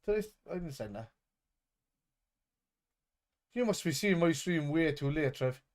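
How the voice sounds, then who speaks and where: A man streaming a live watch-along of a football match, reacting with excitable, sweary outbursts. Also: fairly high pitch, measured pace.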